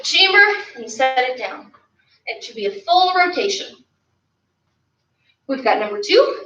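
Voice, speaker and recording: A high-voiced woman leads a martial arts class, coaching and counting out each rep. She is heard on a camera mic from across a roomy space, with a dull, lo-fi sound. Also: very animated, unhurried, pushed and bright, recorded from a distance. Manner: upbeat, coaching, counts reps aloud. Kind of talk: online class instruction. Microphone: camera mic from a distance.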